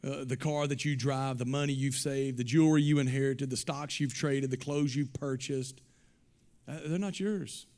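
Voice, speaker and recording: Emphatic, booming male preacher. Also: steady tone, moderate pace. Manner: emphatic, rising to loud exclamations. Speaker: pastor. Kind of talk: sermon.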